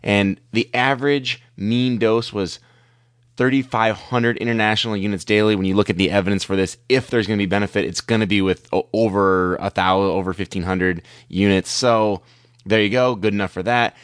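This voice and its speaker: A man's voice: on the low side, fairly even intonation, fairly quick, clear, resonant tone, no room sound, clean studio sound. A man hosting a medical podcast, talking through research papers in a conversational, wry and skeptical way. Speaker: podcast host. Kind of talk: casual medical podcast commentary.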